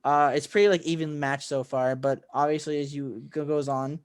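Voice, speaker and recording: A man co-hosting a podcast, recapping a film in casual chat, excitable and rambling with lots of fillers and restarts. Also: on the high side, moderate pace, clear, resonant tone. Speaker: podcast co-host.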